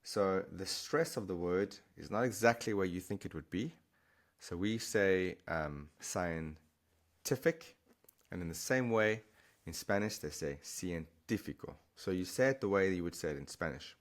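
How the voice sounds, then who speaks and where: A deep-voiced man explains word patterns in a relaxed, chatty teaching voice. He keeps checking in with the listener and restates points as he goes. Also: a little slow. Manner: chatty, encouraging, repeats and restarts while explaining. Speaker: Spanish teacher. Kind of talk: explaining vocabulary to camera.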